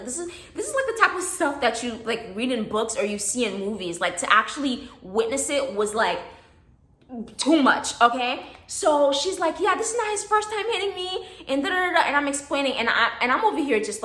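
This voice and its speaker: A young woman telling a storytime vlog, animated, often asking "okay?" and swearing casually. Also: a little high, roomy sound.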